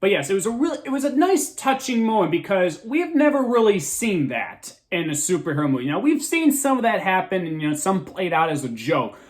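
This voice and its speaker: A young man hosting his own movie review show, gushing and complaining in one long excited ramble. His voice sits high and swings widely up and down as he trips over his words and starts sentences over. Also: a little fast, few pauses. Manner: excited, rambling, restarts a lot. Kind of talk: casual movie review monologue.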